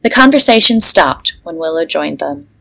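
A woman's voice: deep voice, lively intonation, moderate pace, gravelly, a bit bright. A woman co-hosting a podcast, chatting casually and reading silly fan fiction aloud, laughing often. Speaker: podcast co-host.

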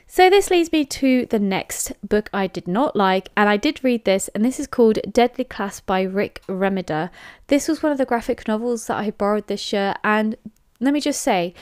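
A woman's voice: medium pitch, lively intonation, normal speed, a little mellow, smooth, no room sound, studio quality. An English woman giving a chatty, candid book review monologue, emphatic and full of fillers. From England.

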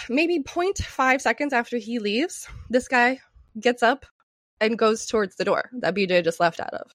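A woman co-hosting a podcast who tells a story in a casual, animated way, swearing freely and laughing often. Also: a little high, measured pace, dry recording, studio quality. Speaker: podcast co-host.

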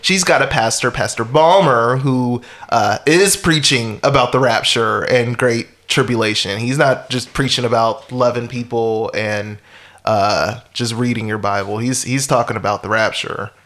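In a mid-range, slightly bright voice, a podcast co-host talks a little slowly as he casually recaps a film's plot. He rambles with wry humor, chuckling often and using plenty of fillers.

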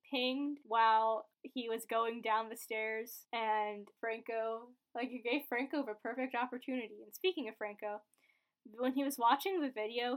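A woman chatting casually as she recaps a soap opera episode, rambling and filling her talk with "like". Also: a little high.

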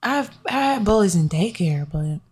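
A young woman co-hosts a podcast, chatting in a relaxed and easygoing way. Her voice sits mid-range in pitch, and she often trails off softly at the ends of her thoughts. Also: moderate pace. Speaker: podcast co-host. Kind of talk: casual chat.

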